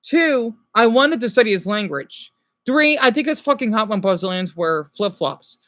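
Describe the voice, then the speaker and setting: A woman from Arizona with an American accent, voice sitting a bit high, rants on a livestream. She rambles, doubles back and keeps punching her points with "okay?". The sound comes from a simple home mic setup. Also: expressive, normal speed, fairly bright tone. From Arizona, USA. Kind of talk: ranting livestream monologue. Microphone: basic home setup.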